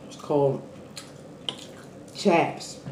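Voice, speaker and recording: Slow-talking woman eating on camera, roomy echo. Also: darkish tone, slight background noise. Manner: chatty, eating on camera, smacking and sighing. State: out of breath. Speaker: eating show host. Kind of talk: casual mukbang chat to viewers.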